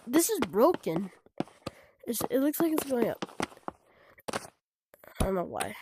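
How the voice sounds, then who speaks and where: A woman's voice: on the high side, very animated, unhurried, noisy background. A woman walking through a game she made, thinking aloud, trailing off and restarting her sentences, often dropping to a murmur. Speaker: game developer showing her own game. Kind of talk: casual game walkthrough commentary. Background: loud background music.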